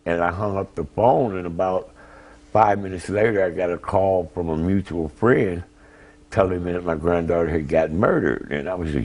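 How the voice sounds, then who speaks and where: An older man with an extremely low, deep voice tells his family's story in a plain-spoken way. He is polite and measured, a grandfather speaking as a guest in an interview. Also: a little mellow. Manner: plain-spoken, polite, answers with "yes, ma'am". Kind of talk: emotional personal account.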